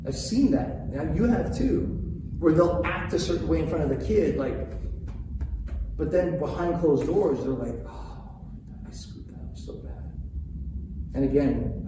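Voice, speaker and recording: A man's voice: mid-range voice, noisy background. A man speaking as a parenting coach, talking earnestly and directly to his listeners, often repeating his points. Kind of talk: casual talk to viewers. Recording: very echoey room, distant mic, faint ambience.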